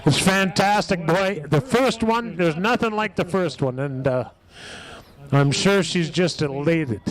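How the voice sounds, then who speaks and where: A man's voice: sits high, a little slow, rough recording. A man announcing a race live, chatty and full of praise for the winner.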